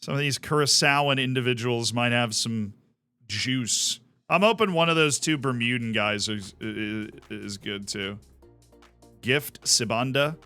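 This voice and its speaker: A man's voice: mid-range voice, measured pace, bright, forceful tone, faint music behind. A man from Florida giving casual, enthusiastic commentary while streaming a game. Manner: chatty, enthusiastic, jokey asides.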